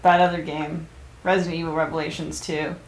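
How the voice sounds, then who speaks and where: A woman's voice: sits low, flat delivery, brisk. Chatty woman co-host, echoey room. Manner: chatty, playful. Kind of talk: casual chat. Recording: echoey room with loud music.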